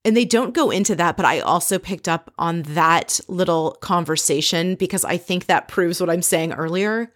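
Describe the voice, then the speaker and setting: A woman hosting a casual recap, telling the story in a chatty, animated way with frequent asides. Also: fairly low pitch, moderate pace, few pauses. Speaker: podcast host recapping a reality show.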